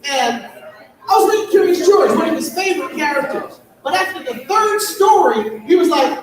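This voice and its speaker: A man's voice: very high-pitched, lively intonation, normal speed, crowd noise. A man performing a self-deprecating stand-up set, telling stories and laughing through his punchlines. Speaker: stand-up comedian. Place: large hall at a live benefit show. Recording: echoey hall, distant mic, audience noise.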